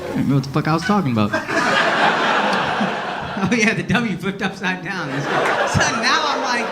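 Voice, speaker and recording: A man's voice: very high-pitched, expressive, moderate pace, pauses often, very noisy. A man doing profane stand-up crowd work on a club stage, teasing audience members. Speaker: stand-up comedian. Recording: live club recording, loud crowd laughter.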